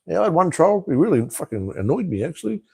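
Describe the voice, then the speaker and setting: A man's voice: fairly high pitch, very animated, fast talker, gravelly, darkish tone, slightly rough, no echo. A man in his fifties from Tasmania with an Australian accent, hosting a casual live stream and answering viewers bluntly, swearing freely and chuckling between remarks. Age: 50s. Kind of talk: casual live chat reading viewer comments.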